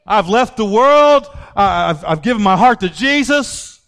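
A middle-aged male pastor preaching a sermon, swinging from loud outbursts to low quiet asides. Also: animated, measured pace.

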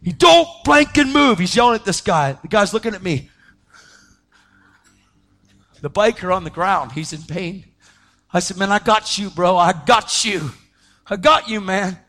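A man preaching a sermon, telling a story with lively energy and acting out the voices of the people in it. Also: normal speed. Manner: animated, acts out quoted voices, pitch jumping up when excited.

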